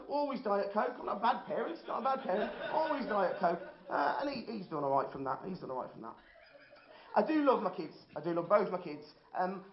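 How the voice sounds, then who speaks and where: A man, telling a dry, self-deprecating stand-up comedy set in an indoor hall. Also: high voice. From Birmingham, England. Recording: roomy, dull lo-fi hall recording.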